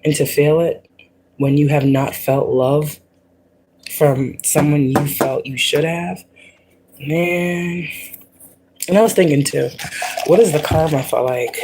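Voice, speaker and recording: A woman's voice: very deep voice, mellow, slight background noise. A woman hosting a spiritual livestream, talking casually and animatedly, repeating herself and often breaking into laughter. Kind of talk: casual spiritual pep talk.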